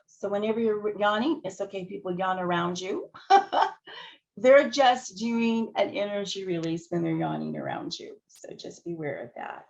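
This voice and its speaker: A woman giving a conference talk that walks listeners through calming techniques, speaking in a gentle, guiding way and chuckling often. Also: medium pitch, a little slow. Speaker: plenary speaker. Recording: dull lo-fi audio.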